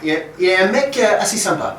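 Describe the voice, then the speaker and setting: A man's voice: high-pitched, lively intonation, very fast, a bit bright. Hesitant man searching for words, distant. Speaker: studio guest. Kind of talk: halting improvised answers. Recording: echoey room, far from the mic, clear hiss.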